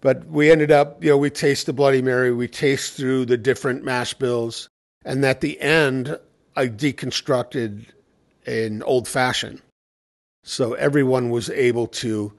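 A man's voice: mid-range voice, steady tone, unhurried. A man speaking as a cocktail educator in a casual conversation, telling anecdotes and acting out what people said. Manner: anecdotal storytelling, acting out quoted exchanges.

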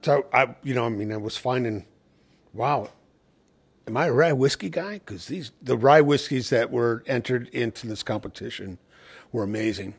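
A man at a middle pitch speaks in a relaxed, conversational way. He is a cocktail educator who tells stories and acts out quoted exchanges between people. His speech comes across as easygoing. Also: normal speed, husky. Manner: anecdotal storytelling, acting out quoted exchanges. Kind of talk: casual conversation.

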